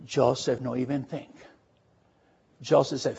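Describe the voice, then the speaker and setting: Preacher, male, high husky voice, animated storyteller who puts questions to the congregation, dull lo-fi recording. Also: normal speed, pauses often. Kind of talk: sermon retelling a Bible story.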